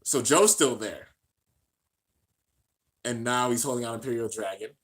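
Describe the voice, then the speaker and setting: A man reacts to an anime with excited, slangy play-by-play, shouting at the big moments. His voice sits at medium pitch, and he speaks unhurriedly with frequent pauses.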